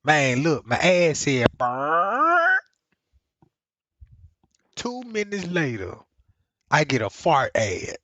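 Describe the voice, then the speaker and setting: A male vlogger telling stories in a casual monologue, swinging between low muttering and loud exclamations, with frequent profanity and filler phrases. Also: big pitch swings, a little slow, dry recording. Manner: peppers talk with profanity and "you know what I'm saying". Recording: slightly muffled, dry sound.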